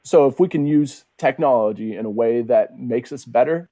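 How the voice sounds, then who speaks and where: A man's voice: medium pitch, normal speed, over a noisy crowd. A man hosting a podcast, chatting casually and agreeing with his guest, with frequent fillers. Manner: conversational, agreeing, filler-heavy. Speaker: podcast host. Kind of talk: casual interview chat.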